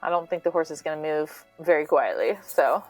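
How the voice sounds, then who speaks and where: A woman's voice: low-pitched, fairly quick, darkish tone, no room sound, soft background music. A woman playing a tabletop game who talks through her plans in a practical, hesitant way. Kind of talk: casual play talk.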